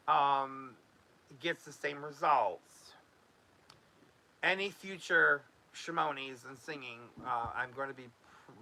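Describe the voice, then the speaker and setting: A man's voice: a little high, vocal fry, sharp tone. A man hosting a casual home vlog, talking loosely with many fillers and restarts. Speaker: YouTube host.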